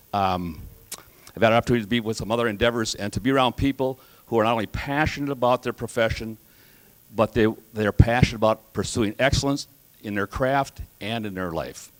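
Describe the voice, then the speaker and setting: Low-voiced man giving a graduation thanks. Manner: measured, reflective, folksy humor. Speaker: graduating student. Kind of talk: graduation thank-you speech.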